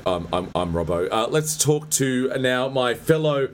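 A man's voice: mid-range voice, animated, measured pace, a little hiss or hum. A man with an Australian accent hosting a casual podcast, gushing and enthusiastic. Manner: enthusiastic, gushing, says "bloody". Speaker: podcast host.

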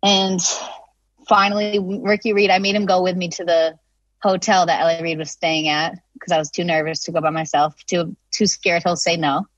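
A woman with a slightly low voice tells a story in loose, casual chat. She jumps into quoted lines with animated energy and uses plenty of filler words. The sound is dry and a little dull, like a lo-fi recording. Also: moderate pace, no room sound. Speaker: singer-songwriter guest.

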